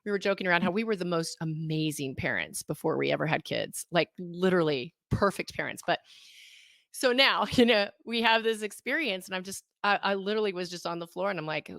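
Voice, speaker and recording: A woman in her thirties, a guest on an interview, telling a candid personal story with animated, self-mocking delivery. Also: lowish voice, brisk, vocal fry, dry recording, studio quality. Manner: animated, acts out her own past thoughts in quotes. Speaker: interview guest, life coach.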